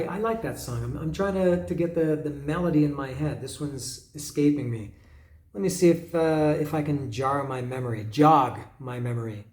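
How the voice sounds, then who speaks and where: Musing man in an echoey room. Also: mid-range voice. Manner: musing, hesitant, humming melodies and reading lyrics aloud. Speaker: podcast host reviewing an album. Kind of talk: casual solo commentary.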